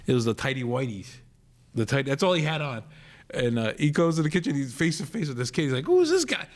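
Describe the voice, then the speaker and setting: A middle-aged man with a Rhode Island accent who spins a rambling family tale on a podcast. His voice sits at an ordinary middle pitch, and he keeps doubling back and breaking into the voices of the people in the story. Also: fast talker. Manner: rambling, animated storyteller acting out quoted voices. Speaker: podcast co-host, comedian. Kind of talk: storytelling in casual chat.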